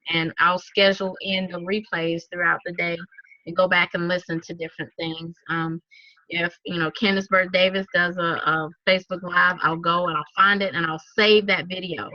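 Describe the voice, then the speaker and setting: A woman with a Southern accent, an animated storyteller who laughs often and acts out what people said, talking casually to a group on a video call. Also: mid-range voice, no echo. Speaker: network marketing speaker. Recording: dull, dry lo-fi sound.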